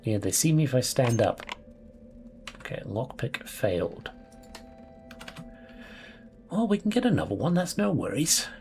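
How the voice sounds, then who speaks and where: A chatty, sweary man talking through his game as he plays, his voice bouncing lively up and down. Keyboard clicks and faint music sit behind him. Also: mid-range voice, unhurried, gravelly, long pauses. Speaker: let's play host. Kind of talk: casual gameplay commentary.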